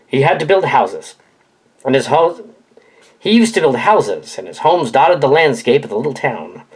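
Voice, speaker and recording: A man's voice: mid-range voice, very animated, normal speed, breathy edge, rough recording. A man reading a family memoir aloud in a casual way, adding his own asides. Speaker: reader.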